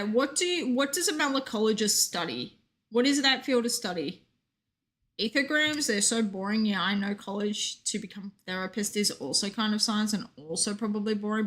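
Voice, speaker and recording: A woman's voice: mid-range voice, big pitch swings, brisk, a bit bright. An Australian woman streaming a game, chatting casually in a jokey, rambling way and answering her chat.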